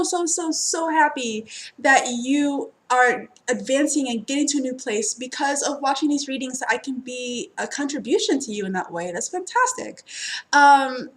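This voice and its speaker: A woman, speaking in a slightly raised pitch. She talks casually and ramblingly as a spiritual tarot reader, full of fillers and quick laughs. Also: animated. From United States. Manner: chatty and rambling, many fillers, frequent laughter. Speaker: twin flame tarot reader. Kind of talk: casual spiritual reading introduction.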